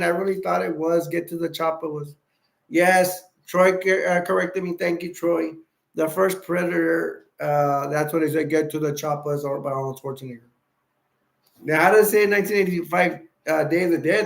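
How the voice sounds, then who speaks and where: This is a laid-back live stream in which the male host rambles, jokes around, and laughs readily while going over comments from viewers. He speaks in a high, creaky voice.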